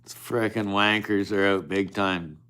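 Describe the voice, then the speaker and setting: A man's voice: fairly low pitch, fairly even intonation, unhurried, sharp tone, clear, resonant tone. A man chatting casually with viewers on a live stream, teasing and swearing at them in an offhand way.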